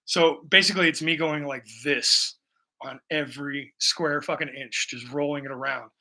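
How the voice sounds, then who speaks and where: A sharp-toned man with a slightly high voice keeps his intonation fairly even at normal speed. While painting on a livestream from his bedroom, he chats with viewers in a rambling, jokey, profane way.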